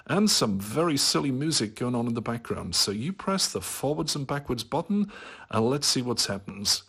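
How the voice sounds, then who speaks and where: A man leading a slow guided visualization, soothing and gently playful as he talks the listener through the steps. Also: medium pitch, breathy edge. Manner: slow, soothing guidance with playful rising bursts.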